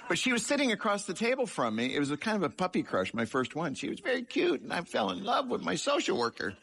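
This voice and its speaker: A man's voice: on the high side, creaky, sharp tone. A man giving a sermon-style testimony about his childhood, telling it with humour and poking fun at himself. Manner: humorous, self-deprecating storytelling. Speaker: speaker sharing his life story.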